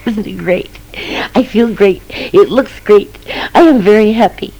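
A woman voicing a small, cheerful male field mouse who squeaks and stammers eagerly. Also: unhurried, warm tone, poor audio. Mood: delighted.

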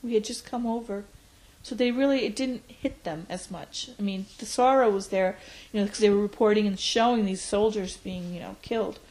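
A woman in her forties, reflecting on her life in an interview, pausing often with fillers. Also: mid-range voice, darkish tone, rough recording. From United States. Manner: reflective, hesitant with frequent fillers. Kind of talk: oral history interview.

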